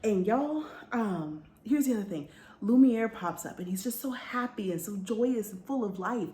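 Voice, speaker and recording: A woman's voice: medium pitch, lively intonation, moderate pace, dark tone. A woman talking casually to her viewers about a book, chatty and full of asides. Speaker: book vlogger. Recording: roomy with faint background noise.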